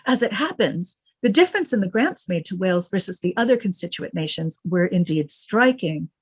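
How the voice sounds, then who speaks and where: Woman giving a lively, wry lecture. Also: on the low side, fairly quick, breathy edge, no echo. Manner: reads quotes with lively emphasis and wry asides. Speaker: guest lecturer. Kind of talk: academic lecture.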